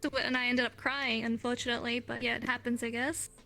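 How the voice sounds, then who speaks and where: A woman's voice: a little high, little pitch movement, fast talker, gravelly, pushed and bright. A woman guest on a live online talk show, telling stories in a rambling, giggly way. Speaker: interview guest. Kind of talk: casual chat. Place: online voice chat.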